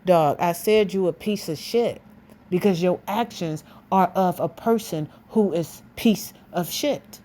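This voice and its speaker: Heated woman ranting, mellow voice. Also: on the low side, moderate pace. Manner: blunt, heated, profane, repeats insults. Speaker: vlogger. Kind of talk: angry direct-to-camera rant.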